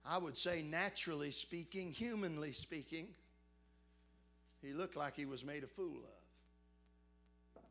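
A male preacher, his voice pitched high and ringing bright. He moves between fervent, climbing declarations and quiet, earnest stretches as he preaches. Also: measured pace, pauses often. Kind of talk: sermon.

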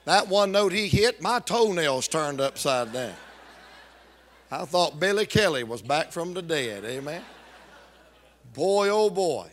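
A male preacher, delivering a revival sermon with emphatic, drawn-out repetition and joking asides. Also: a little high, expressive, a bit bright.

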